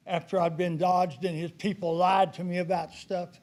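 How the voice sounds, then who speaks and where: A man's voice: high-pitched, flat delivery, normal speed, a little mellow. An older man giving a heated, accusatory public comment at a county commissioners' meeting.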